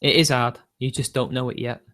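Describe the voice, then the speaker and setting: A man's voice: mid-range voice, fairly even intonation, a little fast, a bit bright. A man, chatting casually on a livestream, answering viewers' questions in an opinionated, rambling way with frequent laughs. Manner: rambling, opinionated, laughs often between remarks. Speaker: streamer.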